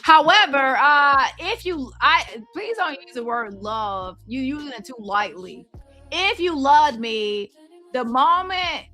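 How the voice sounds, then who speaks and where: Blunt scolding woman with bright voice. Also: high-pitched, animated, takes it slowly, faint music behind. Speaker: commentary YouTuber. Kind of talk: casual commentary.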